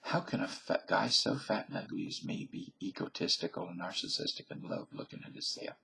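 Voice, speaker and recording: A man's voice: medium pitch, wildly swooping pitch, fairly quick, bright, forceful tone, a little hiss or hum. A man from Virginia in a rambling comic monologue to camera. He keeps making claims, then says he was just kidding. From Virginia, USA. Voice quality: very gravelly, husky voice that often drops to a breathy near-whisper. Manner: jokey, contradicts himself and then says he is kidding. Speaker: vlogger.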